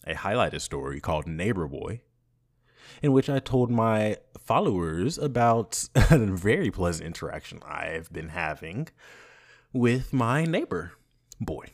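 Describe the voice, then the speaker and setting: A young man hosting a podcast, telling a candid, crude story in a casual, animated way with frequent laughter. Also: deep voice, a little slow. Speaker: podcast host.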